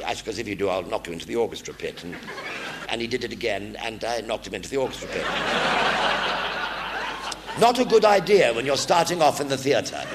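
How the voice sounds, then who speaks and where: A man's voice: fairly low pitch, background noise. An older man telling anecdotes from his acting career, acting out the other people's voices as he goes. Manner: animated, acts out the voices in his stories. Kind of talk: anecdotal storytelling.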